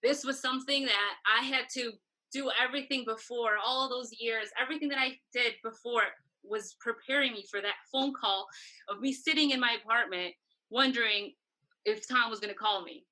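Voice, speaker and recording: A bright, forceful woman's voice, pitched a little above the usual, rolling through a long casual story as an interview guest. She keeps slipping into the voices of the people she quotes and talks in an animated, chatty way. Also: normal speed, rough recording. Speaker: guest, tour photographer.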